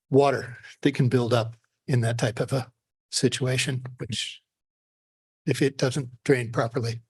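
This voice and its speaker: A man's voice: mid-range voice, husky. A man at a board meeting explaining a practical procedure in plain terms. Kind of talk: public meeting discussion.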